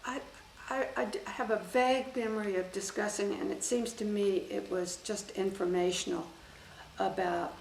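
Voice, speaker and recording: A woman's voice: mid-range voice, moderate pace. An older woman telling stories in an oral history interview. She acts out the back-and-forth of conversations she recalls. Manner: lively storyteller, acts out quoted exchanges. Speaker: interviewee, former official. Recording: echoey room with faint hiss.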